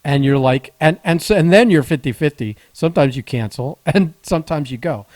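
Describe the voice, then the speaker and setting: A man's voice: on the high side, a little fast, a little mellow, no echo. A man co-hosting a podcast, teasing his friend and explaining things at length. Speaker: podcast co-host. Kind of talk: casual podcast chat.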